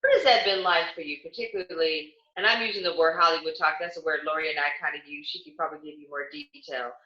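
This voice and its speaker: A woman host asks her guest long, thorough questions in a bright, forceful voice that sits fairly low. The sound is dull and lo-fi, with a roomy echo around her. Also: fast. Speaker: talk show host. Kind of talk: interview questions.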